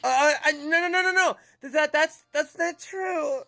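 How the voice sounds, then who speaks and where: Casting note: a stammering, panicky young man, squeaky high, played by a woman. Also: measured pace, bright, forceful tone, heavily acted. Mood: panicked. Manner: stammering, high-pitched denial.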